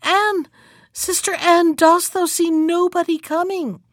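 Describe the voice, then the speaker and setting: A woman voicing a terrified young wife in a storybook, pleading in a tearful, high-strung manner. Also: expressive, normal speed, dry recording, clean studio sound.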